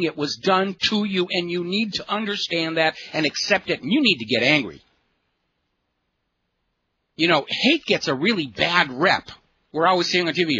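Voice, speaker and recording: A man's voice: a little high, lively intonation, normal speed, bright, forceful tone. A middle-aged man hosting a political talk radio show, ranting in an impassioned way. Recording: lo-fi radio broadcast with faint noise.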